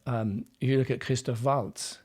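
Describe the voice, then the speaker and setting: A man's voice: medium pitch, steady tone, unhurried, darkish tone. A man speaking as a dialect coach on a podcast, with a medium voice. He talks patiently and explains step by step, often demonstrating sounds aloud as he teaches. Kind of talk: interview guest explaining accents.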